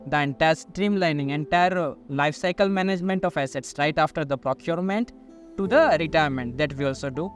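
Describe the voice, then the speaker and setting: A man's voice: on the high side, fairly quick, faint music behind. A man being interviewed as a sales manager, explaining in long, listing sentences that he keeps linking with "so". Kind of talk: business interview answers.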